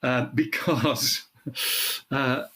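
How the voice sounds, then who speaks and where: An older man from the UK, with a frog in his throat, explaining space science in casual chat and clearing his throat often. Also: medium pitch, steady tone, extremely slow, pushed and bright. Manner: thoughtful, restarts phrases, clears throat often. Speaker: astronomy guest expert.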